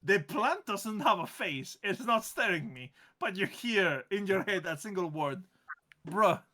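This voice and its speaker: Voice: medium pitch, expressive, unhurried, bright, forceful tone. A game master narrating a tabletop game, chatty and often laughing.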